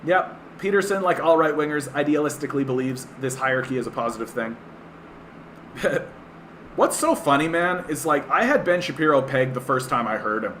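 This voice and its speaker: Canadian male streamer, bright voice, scornful filler-heavy rant. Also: fairly high pitch, slight background noise. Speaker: livestream host. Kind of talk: ranting political commentary.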